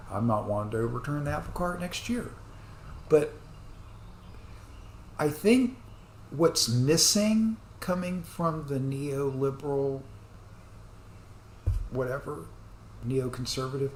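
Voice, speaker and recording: A man's voice: mid-range voice, slight background noise. Rambling earnest man in an echoey room. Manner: earnest, rambling, apologetic, with sudden loud bursts. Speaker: commentator reacting to news clips. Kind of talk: rambling ranting monologue.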